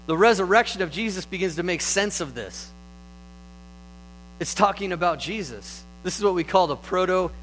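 A man's voice: on the high side, slight background noise, poor audio. Man preaching in a conversational way. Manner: conversational, animated storytelling. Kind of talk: sermon.

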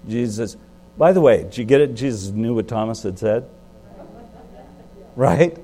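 Male pastor with a warm, mellow tone, chatty sermon, asks the congregation questions, sudden emphatic jumps. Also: lively intonation, measured pace. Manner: conversational preaching with rhetorical questions; sudden swings in pitch and loudness for emphasis.

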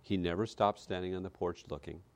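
A man preaching a sermon, reading scripture with dramatic swings between loud declaration and hushed quiet. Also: sits low, fairly quick. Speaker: pastor.

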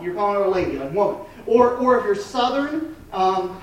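A man's voice: sits high, a little fast, hardly any pauses. Male pastor, thirties, conversational sermon with restarts; distant mic, heavy room echo. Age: 30s. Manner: conversational, with frequent restarts and fillers.

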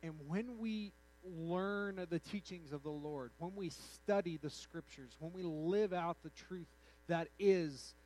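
A man preaching a sermon in an animated, conversational way, acting out the quotes in his story. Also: high-pitched, slow, rough recording. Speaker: pastor.

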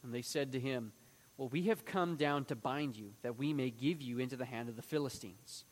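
A man's voice: mid-range voice, moderate pace, long reverb tail. A man teaching through a Bible passage, reading it aloud and acting out the quoted lines in a raised voice.

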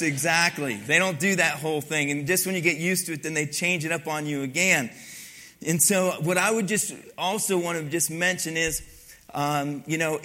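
Bright-voiced male pastor telling a story. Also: on the high side. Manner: storytelling with raised excited quotes. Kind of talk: sermon.

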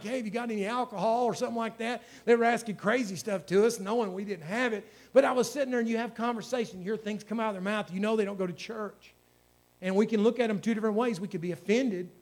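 A man, a pastor preaching a sermon in a folksy storytelling way that builds to fervent exhortation. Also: high-pitched.

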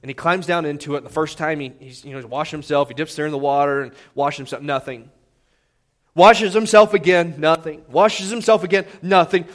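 A man's voice: a little high, fairly bright tone. A man preaching a sermon, retelling a scripture story conversationally, with frequent restarts and acted-out dialogue. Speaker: pastor. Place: church sanctuary.

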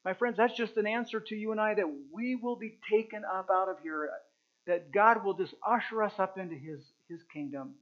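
A man preaching a sermon as pastor, earnest and halting, with many restarts, rising loud and dropping to hushed tones. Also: high-pitched. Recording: muffled with mains hum.

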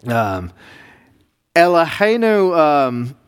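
A man, a pastor, teaching a Bible class, explaining Hebrew words slowly with many fillers and restarts. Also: on the high side, sing-song, clean tone. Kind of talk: classroom lesson reading Hebrew.

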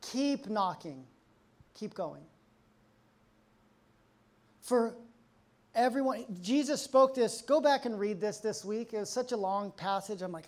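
Animated storytelling male pastor. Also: high-pitched, takes it slowly, pauses often. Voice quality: conversational, animated storyteller acting out quotes. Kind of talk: sermon.

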